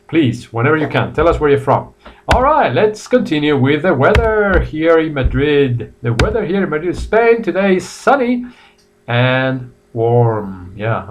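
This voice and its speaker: A middle-aged man giving a live online English lesson, upbeat, repeating key phrases and greeting viewers by name. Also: mid-range voice. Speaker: English teacher. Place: academy in Madrid.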